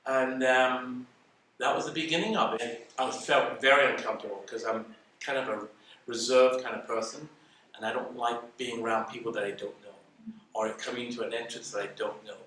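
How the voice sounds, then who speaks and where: An older Englishman, a salon educator appearing as an interview guest, tells stories about his early career in a relaxed, reflective, self-deprecating way. His voice is medium-pitched at a moderate pace, and the room is echoey with the mic at a distance.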